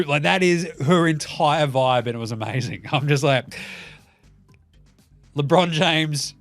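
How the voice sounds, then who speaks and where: A man's voice: a little high, a little slow, long pauses, fairly bright tone, no echo, soft background music. A man with an Australian accent hosting a comedic sports show, swearing freely and acting out the people he talks about. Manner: swears freely, acts out quoted people mid-rant. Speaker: host.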